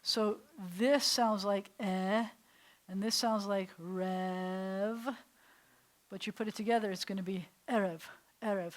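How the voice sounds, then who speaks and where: A woman's voice: medium pitch, fairly even intonation, a little fast, hardly any pauses. A woman, a rabbi teaching a small class in a classroom, chatty and step by step, often putting questions to her students. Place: classroom with a small group seated.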